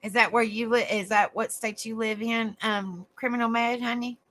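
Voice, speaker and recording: Southern gal chatting w viewers on a livestream, bright voice, says honey and darling a lot. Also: female voice, a little high, fairly even intonation, moderate pace. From South Carolina, raised in Tennessee. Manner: chatty, endearing terms like honey and darling, frequent restarts. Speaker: livestream host. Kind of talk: casual live chat with viewers.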